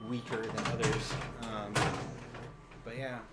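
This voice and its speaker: A man's voice: fairly low pitch, flat delivery, slow. A man co-hosting a live pinball stream, explaining the game in a hesitant way, full of fillers. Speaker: stream co-host. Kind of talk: casual chat explaining the game. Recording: loud background noise.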